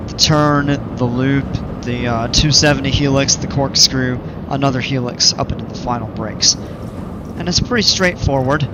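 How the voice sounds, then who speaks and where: A man's voice: mid-range voice, background noise. A man casually commenting on a game during a live stream, chatting with viewers in an easygoing, rambling way.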